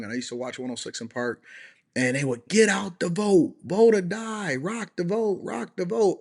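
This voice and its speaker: A man with hosting a reaction commentary show, emphatic and preacherly, swinging from loud to soft. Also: fairly high pitch. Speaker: commentary channel host.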